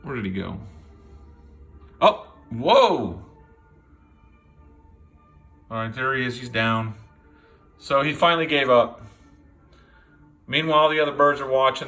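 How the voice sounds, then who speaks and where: A man's voice: medium pitch, sharp tone. A man casually commenting on squirrels and birds in his back yard, amused and chatty, sometimes putting words in the animals' mouths. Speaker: backyard nature vlogger. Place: home by a back yard window.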